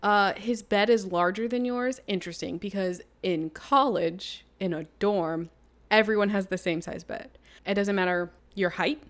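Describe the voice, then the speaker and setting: A woman's voice: mid-range voice, moderate pace. A woman gives casual let's-play commentary while she plays a story game. Her tone is wry and sarcastic, and she pokes holes in the script with incredulous asides. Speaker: streamer playing a story game.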